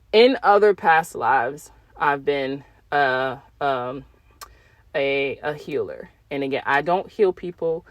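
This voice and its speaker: A middle-aged woman talks in a casual podcast monologue, her voice sitting low in pitch. She is candid and animated, jumping up for emphasis and sinking quiet for asides, with a bit of swearing. The sound is close and dry. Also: dry recording. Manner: candid, uses mild swearing. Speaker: podcast host. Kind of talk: casual spiritual talk.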